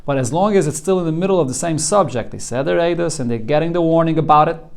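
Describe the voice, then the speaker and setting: A rabbi leads a Talmud class, guiding his students through the text line by line with real earnestness. His voice is slightly high and gravelly, he talks fast, and he tends to repeat a word as he launches into a thought.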